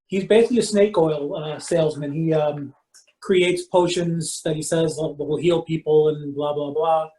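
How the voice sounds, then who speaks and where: Halting middle-aged male player, voice a touch high. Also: fairly even intonation, dark tone, rough recording. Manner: hesitant, many fillers. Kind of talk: casual tabletop game play.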